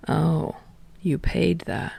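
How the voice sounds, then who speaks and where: A woman's voice: low-pitched, steady tone, drawn-out words, vocal fry, dark tone, husky, no echo, heavily acted. A woman voicing a smug, laid-back young male barista who speaks dry and unbothered, half-whispered. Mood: deadpan.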